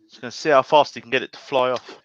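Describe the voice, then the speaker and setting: A man chatting casually on a livestream, throwing in slow, teasing quips. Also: mid-range voice, steady tone, no room sound. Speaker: guest on a woodturning livestream. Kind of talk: casual joking chat. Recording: muffled with loud background noise.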